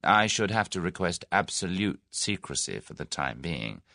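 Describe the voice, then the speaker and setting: A man's voice: deep voice, sing-song, moderate pace, vocal fry, bright, forceful tone, no echo, studio quality, exaggerated voice. A man doing a suave scheming businessman. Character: smooth, scheming middle-aged businessman, genial then menacing.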